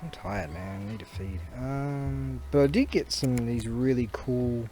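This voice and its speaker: A man's voice: medium pitch, a little slow, mellow, slight background noise. A man, chatting casually in a rambling, storytelling way for his vlog, recorded outdoors on a camera mic. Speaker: vlogger.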